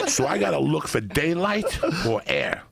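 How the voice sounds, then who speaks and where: Raspy gravelly middle-aged guy telling a wild story, swears a lot, voice jumps all over. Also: a little high, very noisy. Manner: profane, excitable, acts out voices. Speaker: comedian guest. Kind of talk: animated storytelling.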